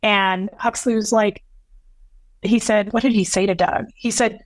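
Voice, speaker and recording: Woman in her thirties, earnest and halting storyteller, mid-pitched voice, dry close sound. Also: fairly even intonation, no room sound. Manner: earnest, halting, full of restarts and quoted dialogue. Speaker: podcast guest. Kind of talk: emotional personal storytelling.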